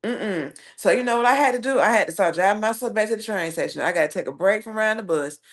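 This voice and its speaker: Livestream host: woman with a Southern accent, sassy and animated, mid-range pitch, chatting off the cuff. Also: fast. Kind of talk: casual livestream chat, reading viewer comments.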